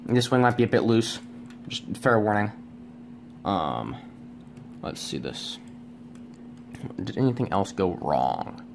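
A man's voice: on the low side, very animated, takes it slowly, vocal fry, pauses often, a little hiss or hum. A man reviewing a toy at home on camera, rambling and self-deprecating, with many fillers and restarts. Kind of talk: casual unscripted review. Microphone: camera on a tripod.

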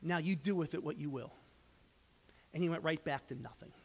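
A man's voice: a little high, fairly quick, slightly rough. A man, preaching a sermon as pastor, in a folksy, conversational way with asides to the congregation. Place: church sanctuary.

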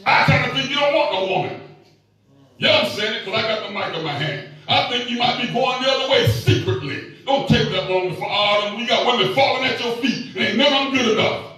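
A middle-aged man preaching a sermon as pastor, animated and joking with the congregation. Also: very high-pitched, brisk, very echoey, far from the mic, low-quality recording.

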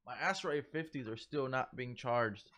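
A man's voice: medium pitch, moderate pace, fairly bright tone, dry recording. A man livestreaming a game, chatting loosely with viewers in a rambling, profane way. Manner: rambling, swears freely, chats to viewers. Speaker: gaming livestreamer. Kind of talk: casual livestream chat while playing.

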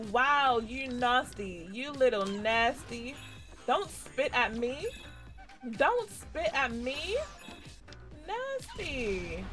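Excitable high-voiced woman game streamer. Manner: excitable, talks to game characters, squeals and shrieks when startled. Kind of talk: live gameplay commentary. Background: faint game music.

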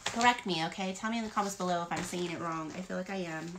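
A woman's voice: fairly low pitch, fast, noisy background. A woman vlogger chatting casually about free beauty products, rambling with frequent fillers. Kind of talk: casual haul chat.

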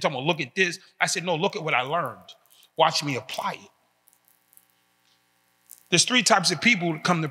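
A man in his fifties from the United States giving a motivational talk, telling his story in a lively street-talk way and acting out the voices of the people in it. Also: on the high side. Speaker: motivational speaker. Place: large hall in a prison. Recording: reverberant hall.

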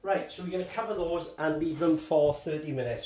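A man's voice: a little high, fairly quick, dark tone. Chatty Welsh man in his sixties baking. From Wales. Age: 60s. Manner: chatty, step-by-step, talks to viewers as he works. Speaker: home baker. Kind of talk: casual baking demonstration. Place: home kitchen. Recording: echoey kitchen, faint background noise.

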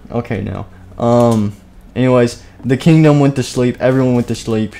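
A man's voice: mid-range voice, fairly even intonation, moderate pace, warm tone, soft background music. A young man narrating a game role-play on a live stream, rambling, goofy and often cutting himself off, into a desk microphone. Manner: rambling, self-interrupting, goofy.

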